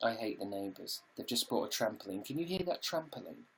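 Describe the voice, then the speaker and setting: Husky, lively British guy chatting. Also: lowish voice, fairly quick. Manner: chatty, sweary, jokey. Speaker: livestreamer reading viewer comments. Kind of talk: casual live-stream chat. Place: at home.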